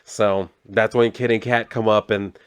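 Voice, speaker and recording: A man's voice: lowish voice, level tone, unhurried, clear, resonant tone, no room sound. Laid-back man recapping a comic. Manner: laid-back, swears casually, laughs often. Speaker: comic book reviewer.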